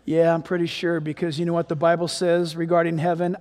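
A man's voice: a little high, completely flat delivery, brisk, few pauses, a little mellow. A man, a pastor, preaching a sermon in a conversational, storytelling way. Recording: echoey hall.

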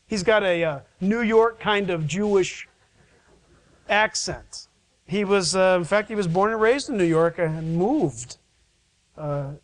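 A man's voice: high voice, fairly bright tone, poor audio. A male pastor preaching a sermon in a church, pleading and emphatic, with rhetorical questions to the congregation.

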